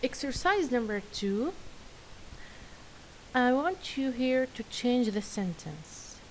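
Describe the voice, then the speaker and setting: A woman's voice: on the high side, sing-song, rough recording. A woman teaching a grammar lesson to girls, patient and praising as she reads workbook answers. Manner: patient, praising, careful and slow. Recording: faint hiss.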